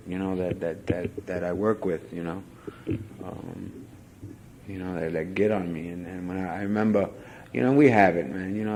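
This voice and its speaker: A man's voice: deep voice, a little mellow, slight background noise, poor audio. A man giving a rambling, self-mocking personal testimony at a convention, full of "you know" fillers. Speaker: speaker sharing recovery story at a convention.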